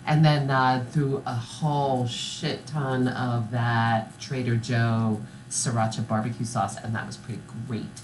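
Low-pitched woman, loose giggly chat; faint hum behind. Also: flat delivery, measured pace, few pauses. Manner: rambling, filler-heavy, giggly. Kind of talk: casual chat.

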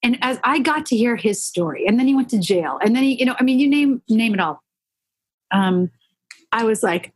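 A woman guest telling earnest faith stories in a podcast conversation, animated and full of restarts. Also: a little high, normal speed, breathy edge, dry recording. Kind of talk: faith-based conversational storytelling.

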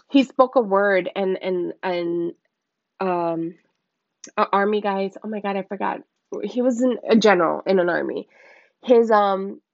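A woman teaches the Bible casually as a podcast host, excitable and rambling. Her voice has a slow, drawn-out pace and a gravelly, fry-laden edge. The recording is dry and slightly muffled, like a cheap lo-fi mic. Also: mid-range voice, dry recording. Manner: excitable and rambling, with many exclamations.

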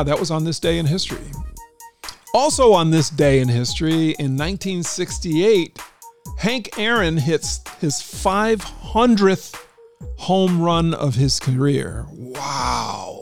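Chatty, lively-voiced male radio DJ. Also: on the high side, slow, creaky. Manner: rambling, joking and chatty. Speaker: radio DJ host. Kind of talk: casual radio show chat. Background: music playing.

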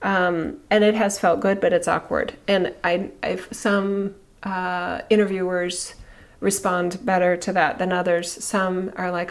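A woman's voice: on the low side, flat delivery, unhurried. Candid, chatty woman host. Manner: candid, chatty, laughs often, acts out quotes. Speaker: video host. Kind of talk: reflective monologue to viewers.

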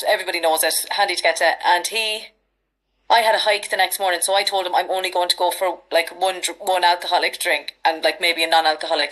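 A woman's voice: lowish voice, poor audio. Chatty Irish woman in her thirties. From Ireland. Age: 30s. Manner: chatty, animated anecdotes with frank swearing. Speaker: podcast guest. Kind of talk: casual storytelling chat.

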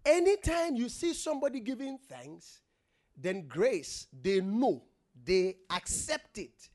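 A man with a high voice preaches with a lively, swooping delivery. He takes his time, leaning into each phrase, and throws questions out to the congregation for call-and-response. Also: measured pace. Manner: emphatic, asks the congregation questions and has them repeat words. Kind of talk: sermon.

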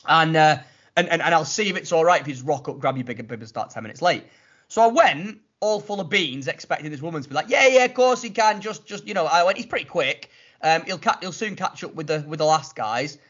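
A man telling a story in a casual chat, animated and mocking, acting out what others said. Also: on the high side, fast. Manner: animated, mocking retelling with acted-out quotes. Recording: lo-fi muffled audio.

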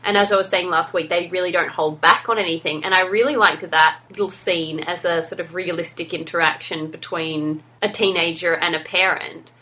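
A woman's voice: fairly low pitch, fairly even intonation, moderate pace, hardly any pauses, bright, forceful tone. A woman hosting a podcast, enthusiastically recapping a TV episode in casual chat. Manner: enthusiastic, recounts scenes and quotes. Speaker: podcast host.

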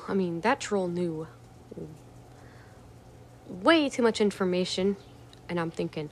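Woman, lowish voice, casual rambling storyteller, frank and swearing, faint hum behind. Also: expressive, normal speed, a little mellow. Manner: rambling, frank, swears freely, many fillers. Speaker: podcast host.

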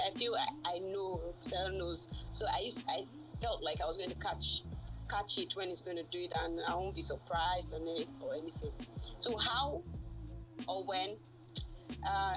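A woman's voice: fairly low pitch, low-quality recording. A woman guest in a casual chat, speaking emphatically after hesitant starts.

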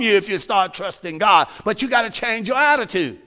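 Lively high-pitched preaching man. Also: a little fast, few pauses. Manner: preaching with rising shouts and sung cadences. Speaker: pastor. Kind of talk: sermon.

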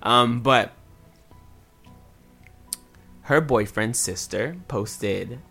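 Man co-host, casual gossip delivery, animated with frequent laughter. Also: takes it slowly, gravelly, slightly rough, faint music behind. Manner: animated, bursts into high laughs. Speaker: podcast co-host.

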